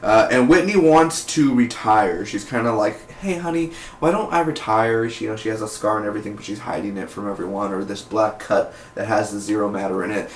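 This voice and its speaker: A man's voice: on the low side, steady tone, brisk, hardly any pauses, slight background noise. A man giving a casual, rambling recap review of a TV episode in an offhand, slangy way. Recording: roomy echo.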